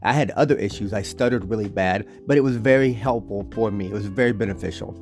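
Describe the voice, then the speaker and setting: Relaxed man chatting, faint music behind. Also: on the low side, fast. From Georgia, US. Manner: relaxed, rambling, with restarts. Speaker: family vlogger, father. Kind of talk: casual chat.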